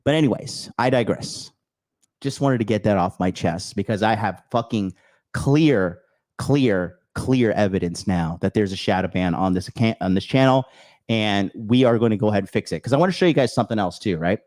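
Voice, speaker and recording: A man's voice: on the low side, moderate pace, darkish tone. A man hosting his own show, delivering a profane, aggressive rant straight to his audience, cursing and repeating himself for emphasis. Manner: aggressive, cursing, repetitive ranting; mocks opponents in sneering quoted voices. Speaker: podcast host. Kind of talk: profane angry rant to camera.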